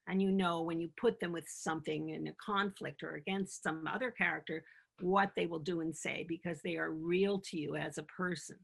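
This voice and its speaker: Older woman with a bright, gravelly voice. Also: lowish voice. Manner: wry, laughs at her own stories, teacherly on craft. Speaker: TV comedy writer. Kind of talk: conversational interview.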